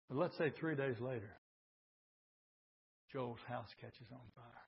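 A man preaching a sermon, building into shouted, hoarse bursts. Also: mid-range voice, very animated, unhurried, pauses often. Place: church with congregation. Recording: lo-fi recording in an echoey church.

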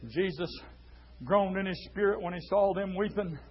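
A man preaching a sermon, swinging from hushed storytelling to fiery shouts and stretching out his words. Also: sits high, moderate pace, muffled recording. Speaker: pastor.

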